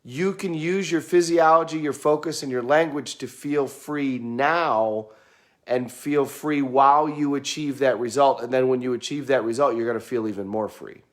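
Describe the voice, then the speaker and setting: Man, mid-pitched voice, earnest self-help coach, repeats phrases for emphasis. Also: normal speed. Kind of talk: motivational talk to viewers.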